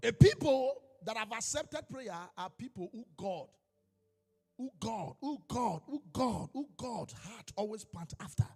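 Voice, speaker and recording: A man preaching a sermon as a pastor, moving from quiet storytelling into shouted, chanted exhortation. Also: very high voice, expressive, unhurried, husky. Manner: preaching with rising shouts and chanted, sung phrasing. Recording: long hall reverb with faint music.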